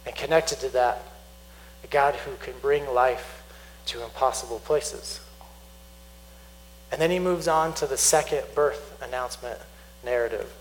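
A man preaching a sermon, teaching earnestly, slowing down to stress key points and reading scripture aloud. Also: medium pitch, a little hiss or hum, poor audio. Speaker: pastor.

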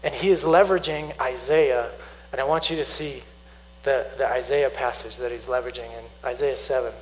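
A man preaching a sermon, teaching earnestly, slowing down to stress key points and reading scripture aloud. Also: mid-range voice, steady tone, slight background noise, low-quality recording. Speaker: pastor.

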